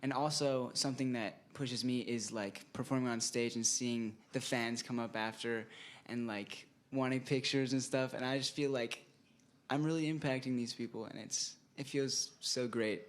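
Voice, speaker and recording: A young man answers interview questions earnestly and thoughtfully. His voice is at an ordinary middle pitch. He speaks casually, with the odd "like". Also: steady tone, moderate pace. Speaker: band member.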